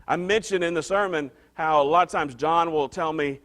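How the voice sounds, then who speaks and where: High-voiced man preaching a conversational sermon. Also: moderate pace, a bit bright. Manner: conversational, restarts and repeats phrases for emphasis. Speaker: pastor.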